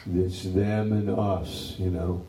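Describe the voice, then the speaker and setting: A man preaches in a slow, easygoing Bible-teaching style, voicing the characters as he tells the story. His voice is low, dark and gravelly. He is recorded from a distance in a roomy, echoing hall. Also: a little hiss or hum. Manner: animated storytelling, acting out characters in dialogue.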